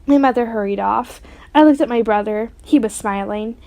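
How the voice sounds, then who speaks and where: A woman reading a children's chapter book aloud in steady storytelling narration. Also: a little high, moderate pace, no echo. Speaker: reader.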